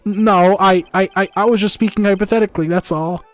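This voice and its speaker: A stuttering, whiny crybaby of a thief in a video game, voice pitched way up and breaking into nervous apologies, put on by a man. He trips over his words and sounds ready to cry at any moment. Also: fairly even intonation, fairly quick, faint music behind, natural voice. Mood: flustered. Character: timid stammering crybaby male thief.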